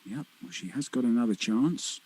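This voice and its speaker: A man's voice: mid-range voice, expressive, moderate pace, dark tone, low-quality recording. A man commentating on a pool match, chatty and teasing, laughing easily with his co-host. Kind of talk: live sports commentary.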